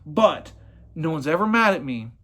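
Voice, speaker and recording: Man, high-pitched, blunt and profane business owner, rambling talk. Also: sing-song, moderate pace, a bit bright. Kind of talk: casual motivational talk.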